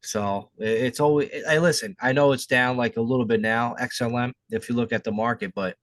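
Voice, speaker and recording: A man co-hosting a podcast in crude, laughing banter and swearing freely. His voice sits at an ordinary middle pitch. The sound is dry and close, with no room around it. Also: a little fast, a bit bright, no echo. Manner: profane, laughing, joking. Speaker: podcast co-host.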